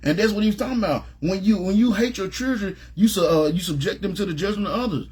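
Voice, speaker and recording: A middle-aged man preaching in a casual, emphatic way, his voice sitting high for a man and carrying a husky edge. He talks in plain everyday words and keeps checking that his listeners follow him as he presses each point. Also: quick pace, a little mellow. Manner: emphatic, plain-spoken, repeats "you know what I'm saying". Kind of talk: informal Bible teaching.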